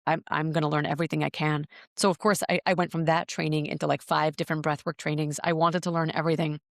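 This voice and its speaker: Speaking quickly and flatly in a deep voice with vocal fry, this breathwork teacher tells her story as a podcast guest. She sounds earnest and searching, repeating words while she thinks. The studio sound is clean with no echo.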